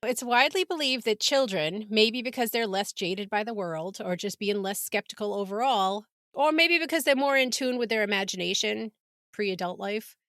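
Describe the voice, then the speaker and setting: A bright-voiced woman hosting a podcast, chatty and quick to laugh. She is recorded close and dry, and she tells her story with plenty of casual asides. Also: medium pitch, animated, no room sound. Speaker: podcast host.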